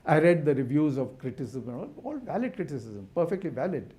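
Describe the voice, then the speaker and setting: A man's voice: fairly high pitch, sing-song, brisk, warm tone. A man giving an impassioned symposium talk, asking rhetorical questions with frequent restarts. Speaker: conservation academic speaker.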